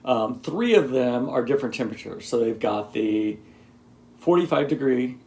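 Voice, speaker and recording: A man's voice: mid-range voice, animated, moderate pace, dark tone. A man talking casually to camera, rambling and explaining in a teacherly way with lots of ums and asides. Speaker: video blogger.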